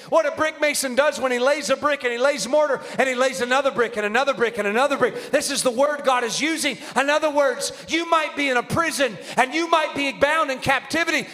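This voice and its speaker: A man's voice: very high voice, pushed and bright. A man preaching a fervent, emphatic sermon in a church. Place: church sanctuary. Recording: long reverb of a large hall.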